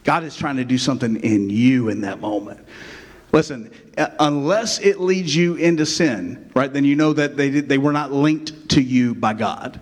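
A man's voice: mid-range voice, moderate pace. Conversational man preaching in a church. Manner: conversational, constant "right?" checks with the congregation. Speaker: pastor. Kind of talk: sermon. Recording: long reverb of a church hall.

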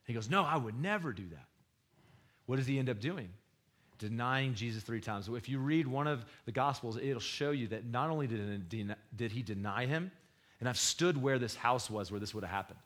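A man preaching with loud and hushed swings. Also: brisk. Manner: swings from loud bursts to hushed low retellings; conversational, slangy preaching. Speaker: pastor. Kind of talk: sermon.

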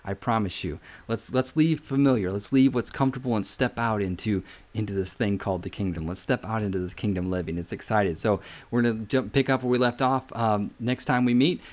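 A man hosts a devotional podcast, preaching informally with earnest exhortation, repeating phrases for emphasis and saying "man" a lot. His voice is lowish and brisk, with hardly any pauses, and his manner stays conversational.

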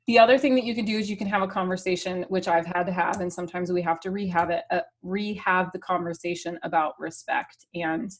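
A woman's voice: fairly low pitch, fairly even intonation, fast talker, few pauses. A woman coaching a mother on a call, upbeat and practical, often laughing and acting out little quoted exchanges.

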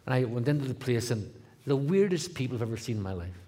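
Husky Northern Irish man telling his testimony. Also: mid-range voice, fast. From Northern Ireland. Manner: animated, comic, swings from hushed to loud. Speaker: guest speaker. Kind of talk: testimony storytelling.

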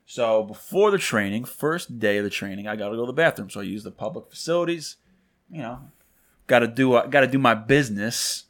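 A man co-hosting a podcast in casual chat, relaxed as he tells his own sales story. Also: mid-range voice, brisk. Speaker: podcast co-host.

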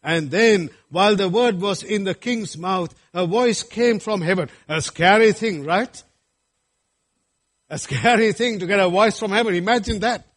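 Middle-aged guy preaching, fairly high voice, lots of questions to the crowd. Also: a little slow. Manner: emphatic preaching with rhetorical questions. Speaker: pastor. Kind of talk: sermon.

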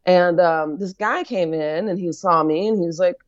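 A woman's voice: fairly low pitch, normal speed, no echo. An American woman, a fiber artist, telling a long personal story in a casual interview, slipping into quoted voices, with lots of fillers and laughs. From United States. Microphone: video call. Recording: dull lo-fi sound.

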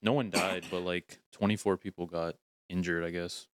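A man's voice: low-pitched, steady tone, moderate pace, dry recording, clean studio sound. A man from St. Petersburg, Florida, speaking bluntly and matter-of-factly in casual podcast chat. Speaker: podcast co-host.

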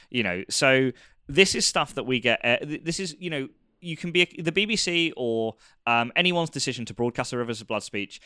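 A man talking in a casual podcast discussion, earnest and argumentative, often pausing on fillers and restarting his sentences. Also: medium pitch, sharp tone, clean tone, dry recording, clean studio sound.

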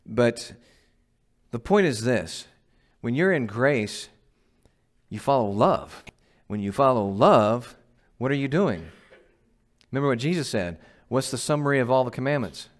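A man's voice: medium pitch, lively intonation, a little slow, pauses often. A man, a pastor, giving a conversational, emphatic sermon and often asking the congregation questions. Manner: laughs at himself.

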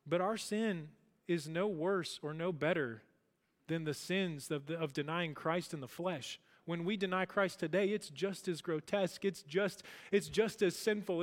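A man preaching a sermon as pastor, emphatic, swinging between loud declarations and hushed lines. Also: fairly high pitch. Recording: long hall reverb.

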